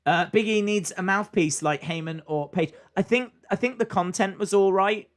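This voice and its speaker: A man's voice: sits high, moderate pace. A man hosting a live stream, chatting casually as he reacts to a wrestling show and reads viewer comments aloud.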